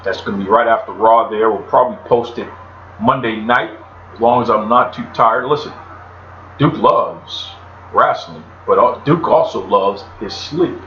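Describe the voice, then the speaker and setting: A man hosting a solo podcast in a chatty, animated way, talking about himself by name. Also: lowish voice, normal speed, slight background noise. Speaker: podcast host. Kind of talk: solo wrestling podcast talk. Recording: roomy, dull lo-fi home recording.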